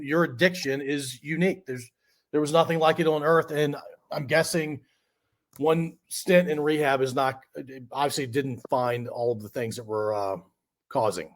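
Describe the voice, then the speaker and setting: A male podcast host who sums up and rephrases what his guest has said before asking his next question. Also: on the high side. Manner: summarizes and rephrases the guest's points. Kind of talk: interview questions.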